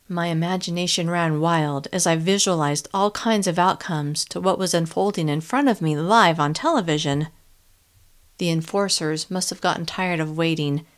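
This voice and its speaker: A woman narrating a first-person audiobook in an expressive, tense storytelling manner. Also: fairly low pitch.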